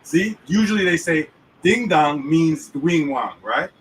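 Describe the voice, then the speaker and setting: Riding in a moving car, a man hosts an informal chat on the week's Torah portion, his voice fairly high, expressive, fairly bright and a little slow. He talks in street slang and frequently makes sure the listener is keeping up, captured by a distant mic with faint road noise.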